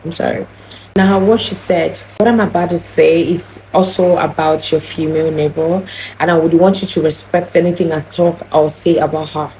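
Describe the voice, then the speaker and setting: A young woman speaks in a lowish, warm voice. She recounts a personal story straight to her viewers, earnest and heated. She stumbles into restarts, and a faint hiss sits behind her. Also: steady tone, normal speed, low-quality recording. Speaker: vlogger. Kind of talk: emotional storytime vlog.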